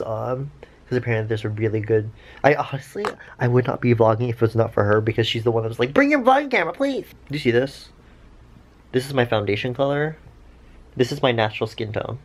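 Lively, expressive young man vlogging. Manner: animated, swearing, big jumps in pitch. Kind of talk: casual vlog chat. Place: out and about, streets and cafés.

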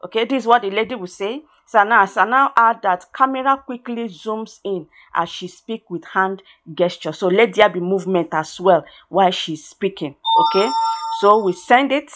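A woman from Nigeria with a Nigerian accent, whose first language is Igbo, hosting a software tutorial in a chatty, encouraging way and speaking straight to her viewers. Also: mid-range voice, normal speed. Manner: chatty and encouraging, addresses viewers directly, drops in Pidgin. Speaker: tutorial host. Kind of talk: screen-recorded software tutorial.

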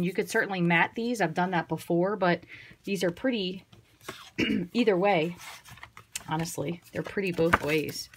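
A woman's voice: lowish voice, slight background noise. A woman giving a casual, chatty card-making tutorial, thinking aloud as she works. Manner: chatty, relaxed, thinks aloud while working.

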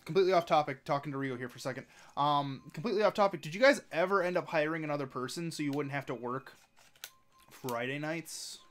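A man hosting a live racing game stream, chatty and excitable, talking to chat and to his cat at home. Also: fast talker. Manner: excitable, chatty, bursts into high-pitched baby talk with his cat. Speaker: livestream host. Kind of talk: live gameplay commentary.

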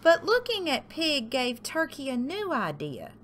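A woman reads a children's picture book aloud for a library story time. Her voice is bright and tense, and it swoops in a lively, sing-song way as she leans into each animal. She takes her time, reading slowly and clearly for young listeners. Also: a little hiss or hum. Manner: expressive, sing-song storytelling with big pitch leaps for the animals.

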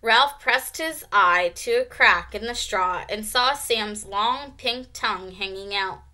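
Slow, bright-voiced woman teacher reading aloud. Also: medium pitch. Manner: slow, expressive storytelling. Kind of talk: read-aloud narration.

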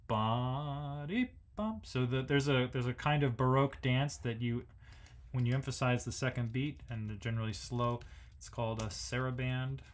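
A man hosting a music lesson, thinking aloud as he analyzes a symphony and sings the rhythms on nonsense syllables. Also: medium pitch. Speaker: music educator host.

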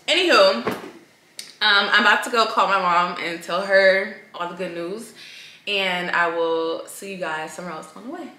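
A young woman in her twenties vlogging casually to camera, chatty and animated, talking straight to her viewers. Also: mid-range voice, normal speed, echoey room. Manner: chatty and animated, addresses viewers as girl and y'all. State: out of breath. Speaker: lifestyle vlogger. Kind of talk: casual vlog chat to camera.

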